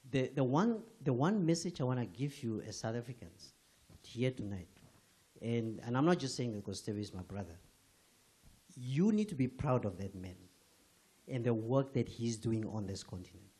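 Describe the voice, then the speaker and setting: A man's voice: medium pitch, lively intonation, moderate pace, dark tone, husky. A man from Namibia speaking from the floor at a book launch, earnest and emphatic, with frequent restarts. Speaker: audience member commenting. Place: event hall with audience.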